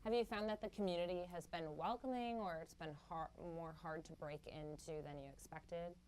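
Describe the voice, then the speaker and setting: Low-ish woman interviewer with brief prompts. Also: steady tone, moderate pace, a little mellow, a little hiss or hum. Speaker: interviewer host. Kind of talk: casual interview.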